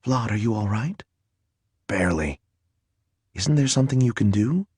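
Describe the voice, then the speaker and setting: A worried young man , as a male audiobook reader plays him speaks softly and urgently. His voice is low and close, with a dry sound. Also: expressive, moderate pace, breathy edge, dry recording. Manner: hushed, worried. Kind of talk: audiobook character voice.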